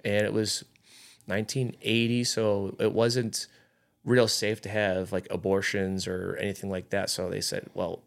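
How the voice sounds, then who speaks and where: A man around forty with a low, gravelly voice, spinning a lively story in relaxed chat. He jumps into quick impressions of the people he talks about. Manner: animated storytelling, acting out others' lines. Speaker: podcast guest storyteller. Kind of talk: casual chat.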